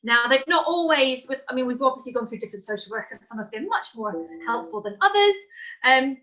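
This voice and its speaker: Bright-voiced woman on a dull line. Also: high-pitched, expressive, brisk. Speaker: parent of an autistic son. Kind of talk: casual group chat.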